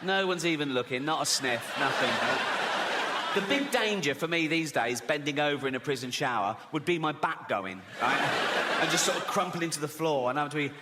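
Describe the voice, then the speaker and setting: A man's voice: fairly high pitch, lively intonation, fairly quick, very noisy. English comedian in his sixties on stage. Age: 60s. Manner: conversational storytelling, frequent "right?" asides. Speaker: stand-up comedian. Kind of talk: stand-up comedy. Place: large theater with audience. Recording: live theater recording with long hall reverb and audience. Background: audience laughter.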